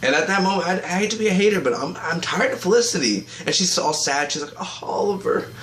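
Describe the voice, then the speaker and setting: A man giving a casual spoken review of a TV episode, rambling and excitable, recorded on a tablet. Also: high-pitched, fast, roomy sound. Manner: rambling and excitable, acts out characters' lines.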